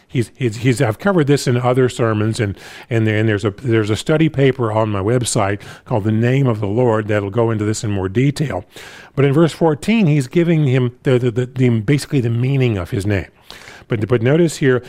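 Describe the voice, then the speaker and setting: A man preaching a sermon, stumbling over repeated words and restarts, reading scripture slowly and deliberately. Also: mid-range voice, a little mellow. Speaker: pastor.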